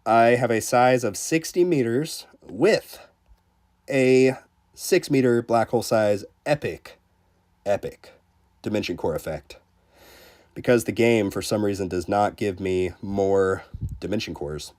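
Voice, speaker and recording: A man with a fairly low voice hosts a relaxed game livestream. He reads viewer comments aloud and answers them in a chatty, joking way. He often stumbles and restarts his sentences. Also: a little slow. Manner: laid-back, chatty, joking, with frequent restarts. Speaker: gaming livestreamer.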